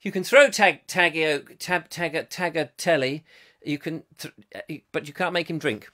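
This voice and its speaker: A man's voice: a little high, moderate pace, pushed and bright. A man hosting a comic live chat show, rambling playfully and reading out viewer comments on a live stream from home. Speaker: host. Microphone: webcam, live stream.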